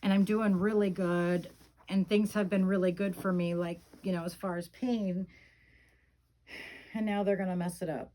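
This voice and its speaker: A woman's voice: medium pitch, steady tone, normal speed, mellow, rough recording. A middle-aged woman chatting casually in a vlog, venting her frustration between fond remarks about her dolls, rambling with lots of fillers. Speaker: reborn doll vlogger. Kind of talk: casual chat.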